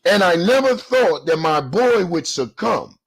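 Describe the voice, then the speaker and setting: A heated man in his forties rants on camera in a profane street-preacher cadence. His voice sits high and swings widely, with a gravelly, husky grain. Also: very animated, a little slow. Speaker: YouTube commentator. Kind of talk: ranting response video.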